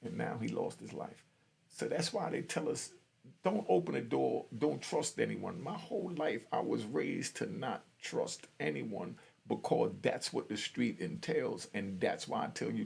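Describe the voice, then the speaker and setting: A man's voice: fairly low pitch, vocal fry, husky. A man in his fifties from Jamaica giving blunt, streetwise warnings in a commentary vlog, outdoors on a street. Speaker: vlogger.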